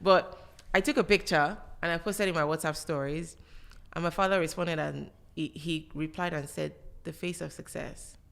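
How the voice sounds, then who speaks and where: A woman hosting a podcast in casual conversation, self-assured and animated, laughing often. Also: low voice, normal speed, creaky. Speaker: podcast host.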